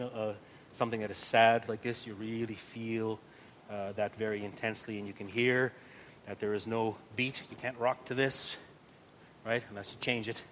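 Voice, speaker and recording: A man's voice: on the low side, fairly bright tone, slight background noise. Man patiently teaching chant. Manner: patient, explanatory, checks understanding. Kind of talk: teaching psalm chanting, with sung examples.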